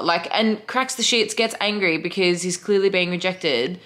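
A young woman with an Australian accent, vlogging casually, animated and swearing freely with lots of "like" fillers. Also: lowish voice, moderate pace. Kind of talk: casual vlog storytelling.

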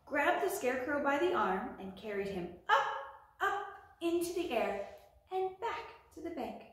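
Brief: woman storytime reader, slightly high voice, gentle bedtime narration, echoey room. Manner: gentle, steady read-aloud narration. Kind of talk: reading a children's book aloud.

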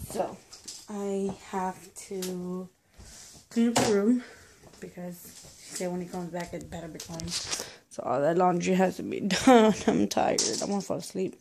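A woman's voice: fairly low pitch, measured pace, vocal fry, background noise. A young woman chatting casually in a rambling daily vlog, at times frustrated. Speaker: vlogger.

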